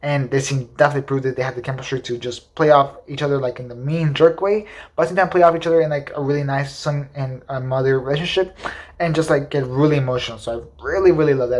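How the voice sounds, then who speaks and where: A man's voice: medium pitch, a little mellow. A man giving a casual spoiler review of a movie, rambling with lots of fillers and gushing praise. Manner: rambling, enthusiastic, heavy filler words.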